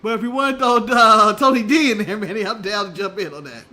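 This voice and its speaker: A man's voice: high-pitched, quick pace, bright, forceful tone. A man from the United States co-hosting a casual live stream, joking and laughing often. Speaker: co-host.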